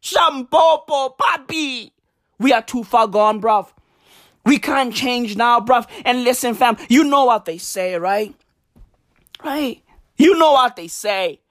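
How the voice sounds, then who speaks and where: A woman's voice: on the high side, slow pace, no echo, clean studio sound. A woman delivering a comedic rant, profane and slangy, hammering her points with repetition. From South Africa.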